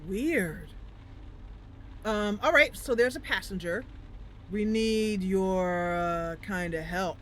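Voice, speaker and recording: A woman hosting a gaming channel, reading a story game aloud with giggly, expressive commentary. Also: medium pitch, takes it slowly, pauses often, slight background noise.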